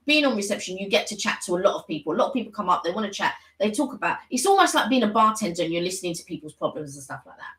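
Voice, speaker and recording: This woman, speaking at medium pitch, is a live stream co-host who drifts through lengthy stories in casual, chatty fashion, often restarting and retelling things with animation. Her audio is poor and reverberant.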